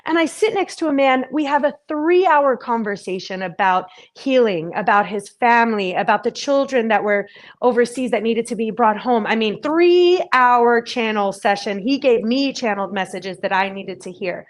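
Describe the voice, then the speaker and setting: A woman in her thirties speaking as a spiritual speaker, telling personal stories in a casual, animated way and acting out the voices in them. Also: on the high side, moderate pace. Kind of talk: casual storytelling talk.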